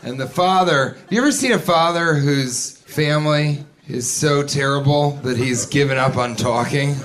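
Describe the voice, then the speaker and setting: A man doing a stand-up comedy set, telling a story in a deadpan way and now and then breaking into a shrill put-on voice. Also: moderate pace. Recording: live club recording with audience and noise. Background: audience laughter.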